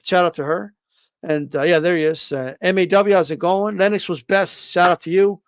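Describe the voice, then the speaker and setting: Man, high voice, ranting boxing commentary, profane, repetitive, rhetorical questions, dry sound. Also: fairly even intonation, moderate pace, clear, resonant tone, no echo. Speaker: boxing commentator on a live stream. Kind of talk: casual opinionated commentary.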